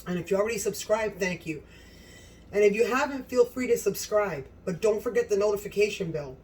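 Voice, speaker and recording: A woman's voice: mid-range voice, animated, brisk, a little mellow. Gushing woman cooking, mic at a distance. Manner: gushing and exclamatory, talks straight to viewers. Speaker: cooking channel host. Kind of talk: casual cooking demonstration. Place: home kitchen.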